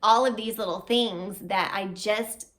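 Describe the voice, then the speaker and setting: A woman's voice: mid-range voice, measured pace, a bit bright. A woman in her thirties giving an earnest, heartfelt faith testimony at home, encouraging the listener. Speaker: vlogger sharing a faith testimony. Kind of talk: personal testimony to camera. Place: home, at a table.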